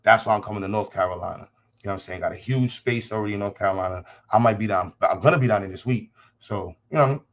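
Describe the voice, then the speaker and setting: A man's voice: on the low side, very fast. A man hosting a livestream and talking casually to his chat, blunt, profane and combative, repeating phrases for emphasis. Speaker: livestream host.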